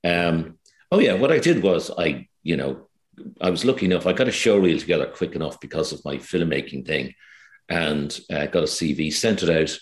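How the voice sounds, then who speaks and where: An Irish man with an extremely deep voice chats in an interview. He hedges and restarts often. The room around him rings with echo. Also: expressive, normal speed. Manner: hesitant, many fillers and restarts. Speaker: guest actor. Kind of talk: casual interview chat.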